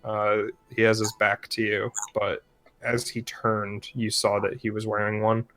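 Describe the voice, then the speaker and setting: A man as game master, narrating a tabletop game in a loose, relaxed way, filling his lines with "like". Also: on the low side, unhurried.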